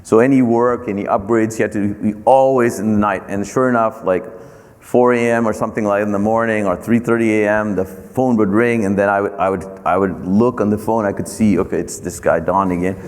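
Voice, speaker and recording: A man being interviewed about his company, telling a long anecdote in a halting way, with many fillers and restarts. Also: on the low side, steady tone, long reverb tail. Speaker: company founder and CEO. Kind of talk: storytelling interview.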